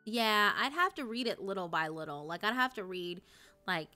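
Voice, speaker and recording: A young woman streaming live, chatting casually and emotionally, swearing often and swinging between loud outrage and low dejected mumbling. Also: animated, normal speed, faint music behind. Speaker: streamer reacting to a story.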